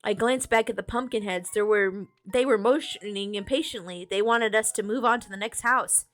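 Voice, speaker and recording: A woman streamer reads a storybook aloud in a medium-pitched, slightly bright voice at a moderate pace. She chats with her viewers in asides and corrects small slips as she goes.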